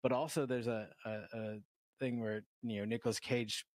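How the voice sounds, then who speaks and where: Male podcast co-host, mid-pitched, rambling casual review talk, dry close sound. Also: steady tone, normal speed, no room sound. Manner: rambling, full of fillers and restarts, swears. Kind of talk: casual movie review chat.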